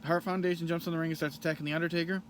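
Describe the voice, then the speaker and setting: A young man with a slightly higher voice recaps a match in casual podcast chatter. He rambles, stops and restarts often. A faint background hiss sits under the recording. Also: little pitch movement, racing. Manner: rambling, frequent ums and restarts. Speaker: podcast host reviewing a wrestling match. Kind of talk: casual play-by-play recap and review.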